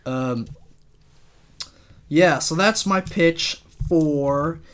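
A man hosting a comedy podcast, rambling through an absurd story in a deadpan way with lots of fillers. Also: fairly high pitch, drawn-out words. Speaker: podcast host. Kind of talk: casual comedy podcast chat.

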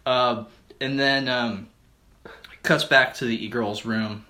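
A man riffs loosely through an invented film plot on a comedy podcast, his words running together in a slightly slurred way. His voice sits at an ordinary middle pitch, and he keeps breaking into laughter and goofy voices as he goes. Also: fairly even intonation, takes it slowly, pushed and bright. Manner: rambling, laughing through lines, slips into silly character voices. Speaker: podcast co-host. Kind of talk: comedic riffing on a made-up movie plot.

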